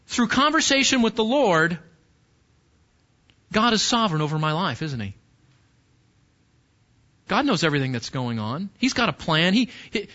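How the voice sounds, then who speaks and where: A male pastor with a high, bright voice delivers a sermon, teaching through a passage with earnest explanation and frequent rhetorical questions. The recording sounds a little dull and muffled.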